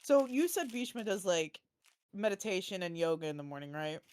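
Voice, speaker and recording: A woman's voice: fairly low pitch, sing-song, fairly quick, a little mellow, clean tone. A woman playing a tabletop game, describing her move casually with many fillers. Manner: casual, chatty, filler-heavy. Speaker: player.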